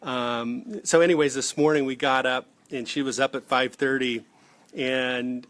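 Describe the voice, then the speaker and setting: A man's voice: medium pitch, fairly even intonation, unhurried, fairly bright tone. A man in his forties, a leadership coach talking casually to camera in an earnest, rambling way with lots of fillers and restarts. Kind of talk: casual direct-to-camera vlog.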